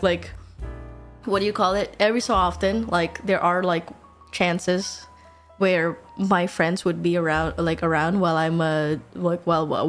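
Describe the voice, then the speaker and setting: A woman in her twenties, a streamer, chatting casually, swearing a lot and laughing often. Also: lowish voice. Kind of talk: casual chat.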